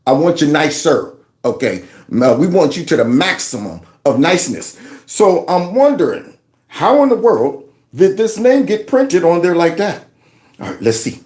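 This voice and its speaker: A man's voice: fairly high pitch, big pitch swings, moderate pace, darkish tone. A man hosting his own channel, reacting to news clips with mocking, sarcastic commentary and talking back to what he plays. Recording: roomy echo.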